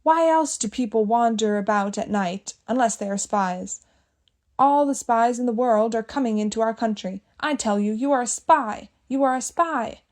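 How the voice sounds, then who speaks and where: A woman voicing a very old village woman who is shrill, loud and suspicious, speaking in a curt, accusing way. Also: fairly even intonation, a little slow, lightly acted.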